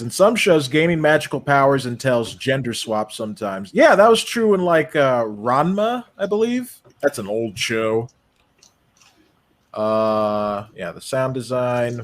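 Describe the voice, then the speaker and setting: A man in his twenties chats casually as host of a watch party. He reads viewer comments out loud between his own remarks and laughs easily. His voice sits at an ordinary middle pitch. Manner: laughs often, reads chat messages aloud. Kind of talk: casual chat.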